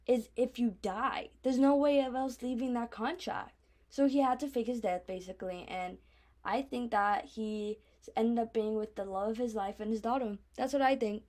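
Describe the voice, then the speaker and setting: A young woman in her twenties talks through a solo podcast episode with a slightly raised pitch. She rambles casually, leaning on fillers as her thoughts spill out. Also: dark tone. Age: 20s. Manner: rambling, filler-heavy, chatty. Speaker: podcast host.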